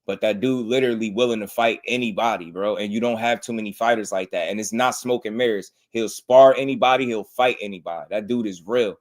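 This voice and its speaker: A man's voice: fairly low pitch, fairly quick, hardly any pauses. Slangy man hosting a boxing livestream. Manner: loose and talkative, slangy. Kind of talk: casual livestream chat.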